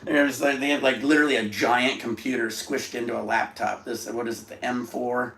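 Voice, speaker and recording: A man's voice: mid-range voice, steady tone, fairly quick, fairly bright tone. A man hosting a casual home livestream, rambling in a laid-back way and swearing now and then. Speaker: livestream host. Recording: echoey room, faint background noise.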